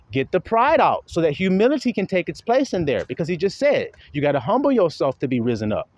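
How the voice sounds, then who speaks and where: Fiery preaching man, lively swinging pitch. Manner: heated, profane, preachy. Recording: dull lo-fi recording, faint noise.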